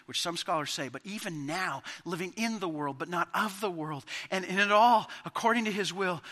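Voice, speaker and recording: A man preaching a sermon as pastor, impassioned and building to emphatic peaks, with quiet asides, in a church sanctuary. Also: on the high side. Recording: long hall reverb.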